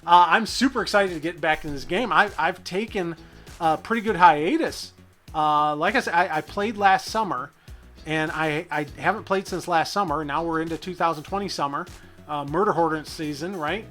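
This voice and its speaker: A man's voice: fairly high pitch, normal speed, fairly bright tone, soft background music. A man hosting a city-building gameplay video, rambling and thinking aloud in a goofy, self-deprecating way. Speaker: gaming channel host.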